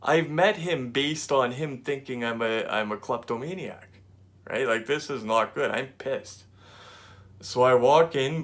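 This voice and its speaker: Male vlogger, mid-pitched, indignant storyteller, quotes dialogue as he goes. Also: creaky, a bit bright. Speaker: collectibles vlogger. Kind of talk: casual storytelling to camera.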